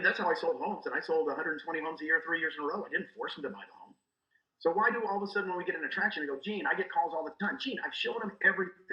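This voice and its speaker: A middle-aged man with a high, lively voice that jumps around as he acts out little conversations. He talks fast and sharp, with an edge of brightness to every word. The room is echoey and the sound a bit dull. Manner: animated, acts out quoted dialogue. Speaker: guest, real estate recruiter. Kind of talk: energetic coaching talk.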